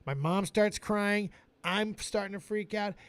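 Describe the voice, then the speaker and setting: A man tells a comic story on a live stream, swearing freely and pitching his voice fairly high. The sound is dry and close to the mic. His delivery is animated and profane. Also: a little slow, no room sound.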